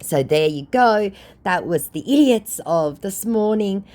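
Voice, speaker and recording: A woman vlogger with an animated, swooping voice that sits in a middle pitch. She tells her story with sarcastic, mocking delivery while reading out chat messages. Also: measured pace. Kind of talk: storytelling to camera, reading chats.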